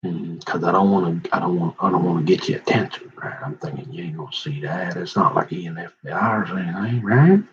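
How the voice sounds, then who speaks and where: Through dull audio with a faint hiss or hum, a low-voiced man casually rambles through a long personal story. He speaks right to his listener, repeatedly checking in with "right?" and "mm-hmm," and meanders with many restarts as he draws it out.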